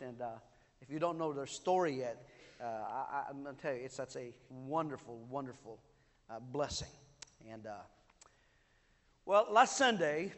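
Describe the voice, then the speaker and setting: Male pastor, high voice, earnest emphatic sermon, heard with a long hall reverb. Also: fairly bright tone.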